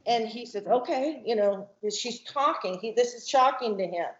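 A woman's voice: on the high side, moderate pace. Woman telling a testimony in a roomy lo-fi recording. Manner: vivid retelling that acts out quoted voices, with restarts. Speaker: guest, mother telling her family's story. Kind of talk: emotional personal testimony. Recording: roomy, dull lo-fi sound.

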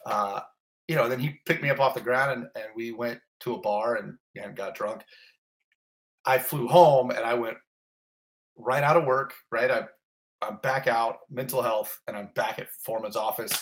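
A man telling a personal story in an interview, animated and emotional, gasping and exclaiming as he relives it, rambling with many restarts. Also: medium pitch, moderate pace, a little hiss or hum. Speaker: interview guest.

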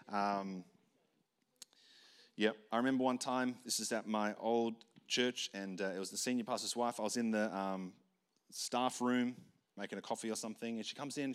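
A man's voice: medium pitch, normal speed, fairly bright tone, clear, resonant tone. A young man giving a casual leadership lesson, talking conversationally and acting out short everyday dialogues. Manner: conversational, acts out little dialogues, many restarts. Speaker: leadership teacher. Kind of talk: casual teaching talk.

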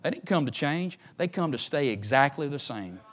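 A man preaching a fervent sermon, swinging between hushed lines and loud ones. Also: fairly high pitch, expressive, moderate pace. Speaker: pastor.

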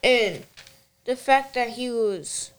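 A woman with a fairly high, smooth voice speaking slowly in a group discussion. She pauses often as she hunts for her words. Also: soft background music. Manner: hesitant, searching for words. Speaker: Bible study participant. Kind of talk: sharing a thought in discussion.

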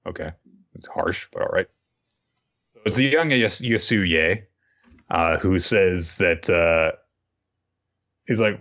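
A man with a lowish voice walks through a story in relaxed podcast chat, slipping into the characters' lines as he goes. The sound is dull and a bit lo-fi. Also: slow, pauses often. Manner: recaps scenes by acting out the characters' lines. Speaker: podcast co-host recapping a manga. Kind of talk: casual chat. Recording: dull lo-fi recording.

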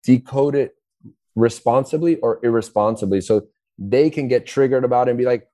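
A man's voice: medium pitch, normal speed, warm tone, dry recording. A man guest on a podcast, explaining ideas by acting out short dialogues, with many restarts. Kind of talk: casual interview talk.

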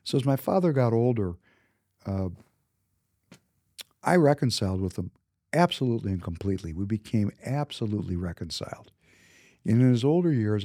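A man's voice: on the low side, lively intonation, normal speed, long pauses, dark tone, no echo, clean studio sound. A man in his fifties from Minnesota tells personal stories in a casual monologue, emphatic and often repeating words for emphasis. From Minnesota, United States. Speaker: businessman.

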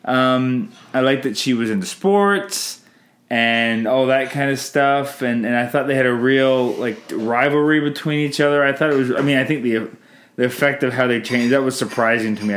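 A man hosting a casual family podcast at home, gently coaxing his kids with questions and often restarting his sentences. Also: mid-range voice. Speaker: podcast host interviewing his children. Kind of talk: casual family chat about a movie. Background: faint cleaning noise.

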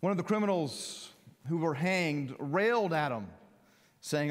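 A man preaching a sermon, emphatic, climbing to loud peaks and then dropping to quiet lines. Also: a little high, expressive, a little slow. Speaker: pastor. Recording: long hall reverb.

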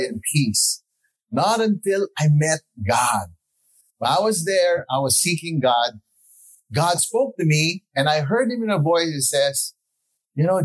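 Husky-voiced man in his sixties giving testimony. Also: on the high side, poor audio. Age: 60s. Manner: earnest, reflective, frequent "you know" asides. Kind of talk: personal testimony sermon.

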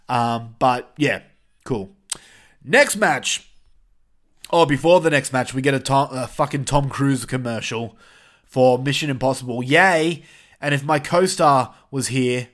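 A man hosting a casual review podcast, talking bluntly with plenty of swearing and rambling asides. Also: medium pitch. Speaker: podcast host.

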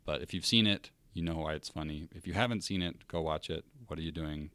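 A man with a very low voice co-hosts a podcast and talks with eager enthusiasm. He chats casually, hyping up what he loves. The sound is close and dry. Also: brisk, bright, forceful tone, no echo. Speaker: podcast co-host. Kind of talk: casual chat.

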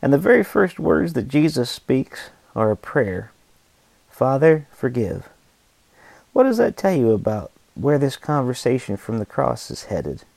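A man reads a reflective devotional passage with a measured, emphatic delivery and deliberate pauses. His voice is warm and mellow, with a gravelly texture. The sound is dry and close. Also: mid-range voice, very animated, no echo. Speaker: podcast host reading a book excerpt.

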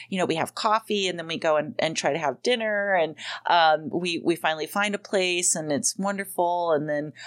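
A woman in her forties hosting a podcast, telling a long personal story in a rambling way, full of ums and casual swearing. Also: lowish voice. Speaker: podcast host.

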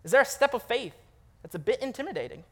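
A young man delivering a sermon in a high, light voice. He tells stories with animated energy and pokes fun at himself along the way. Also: quick pace. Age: young adult. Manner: animated storytelling, laughs at himself. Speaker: preacher.

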